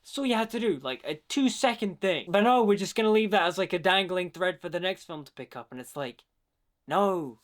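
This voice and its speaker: A man's voice: high voice, expressive, a little fast. A man giving a casual, opinionated film commentary, talking freely with lots of "like" fillers. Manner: opinionated, chatty, many "like" fillers. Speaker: movie commentator.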